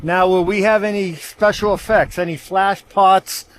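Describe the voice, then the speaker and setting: A man in his fifties with a Pittsburgh accent, hosting a travel show outdoors in the snow and asking jokey, excited questions. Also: high-pitched, a little slow, a little hiss or hum. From Pittsburgh, USA. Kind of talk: enthusiastic on-location interviewing.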